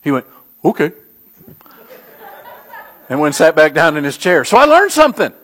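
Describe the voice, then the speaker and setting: A middle-aged man, a pastor, preaching a sermon with animated storytelling that rises to emphatic peaks. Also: on the high side, fast talker, some chatter behind.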